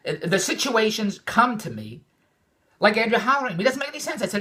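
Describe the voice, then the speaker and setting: An older man from Philadelphia talks fast in a bright, sharp voice, wandering from point to point. His pitch swings widely as he repeats himself in exasperation. It is a loose, unscripted vlog monologue. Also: sing-song. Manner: rambling, repetitive, exasperated. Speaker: vlogger. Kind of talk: rambling personal vlog monologue.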